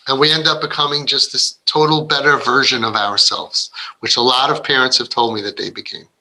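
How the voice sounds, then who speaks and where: A parenting speaker gives an earnest, rambling inspirational talk to parents, his medium-pitched voice steady, bright and forceful at a fairly quick clip. He keeps restarting sentences and acts out the quoted voices of kids and parents, all on poor audio.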